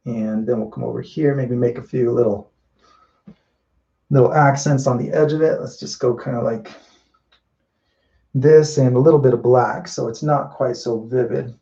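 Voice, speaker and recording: Casting note: man painting live on camera, easygoing think-aloud instructor, mellow low-key tone, slightly dull lo-fi sound. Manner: relaxed, thinking aloud while painting, many restarts and "you know". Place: indoors at a painting wall.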